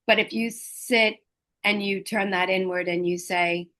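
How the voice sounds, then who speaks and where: A middle-aged woman, a hospice liaison and educator, speaking gently and earnestly about caregiving, with pauses and fillers. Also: mid-range voice, steady tone. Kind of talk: reflective talk on caregiving.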